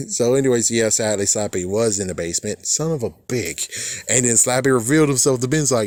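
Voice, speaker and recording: A man's voice: mid-range voice, normal speed, no room sound. A man giving a casual, rambling recap of a TV episode, swearing freely and laughing at his own jokes. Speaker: fan reviewer.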